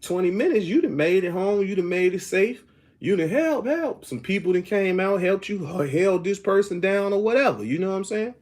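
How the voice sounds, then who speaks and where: A man's voice: sits high, lively intonation, moderate pace, darkish tone. A middle-aged man talking casually to his viewers, rambling and often asking "you know what I'm saying", now and then reading comments aloud. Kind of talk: casual opinion talk to viewers.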